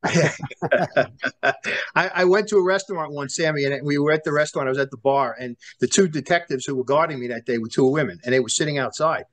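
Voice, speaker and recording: Animated New man telling stories. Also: on the high side, brisk. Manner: animated storyteller who acts out quoted dialogue, many restarts. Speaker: former prosecutor, guest. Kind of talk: storytelling in a sit-down interview.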